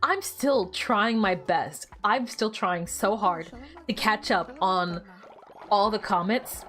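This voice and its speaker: A woman's voice: mid-range voice, slow pace, a bit bright. A young woman streaming a game and chatting casually, teasing the characters on screen and laughing often. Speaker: gaming streamer. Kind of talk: casual gameplay livestream chat.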